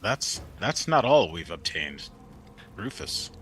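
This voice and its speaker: A man's voice: deep voice, slow pace, noisy background. A man playing a character at a tabletop game, asking the game master questions. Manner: lively, asks questions. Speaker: player.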